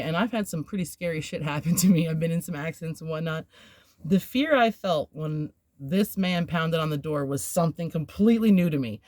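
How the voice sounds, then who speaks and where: A woman's voice: low voice, darkish tone, no room sound, studio quality. A woman hosting a podcast, telling a personal story in a candid, rambling way, with filler words and nervous laughs. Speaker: podcast host.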